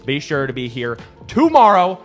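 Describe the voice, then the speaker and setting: Male gaming host from Montana, excitable pack-opening commentary, high-ish voice that jumps all over, shouts on big pulls. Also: moderate pace, faint music behind. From Montana, USA. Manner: hyperactive, joking, yelling at big pulls. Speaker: gaming YouTuber.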